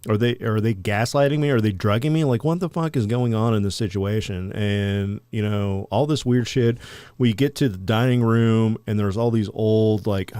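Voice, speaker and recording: A man co-hosting a podcast, telling stories in a loose, animated, profane way and acting out quotes. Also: fairly low pitch, normal speed, smooth, no room sound. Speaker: podcast co-host. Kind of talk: casual storytelling chat.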